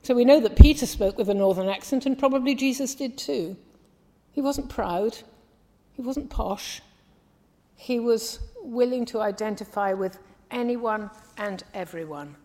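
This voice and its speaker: Woman preaching in a reverberant church. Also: a little high. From English Midlands. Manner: measured, earnest, dropping softly at phrase ends. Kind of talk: sermon. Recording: long hall reverb.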